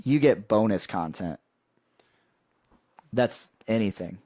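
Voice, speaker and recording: A young man hosting a podcast in casual chat, pitching with excitable hype and laughing often. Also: slow pace, no room sound, studio quality. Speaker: podcast host.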